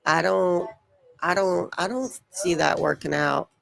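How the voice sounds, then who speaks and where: A woman's voice: on the low side, fairly even intonation, measured pace, gravelly, fairly bright tone. A woman co-hosting a casual live watch-along stream, chatty and playful in her banter. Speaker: livestream co-host.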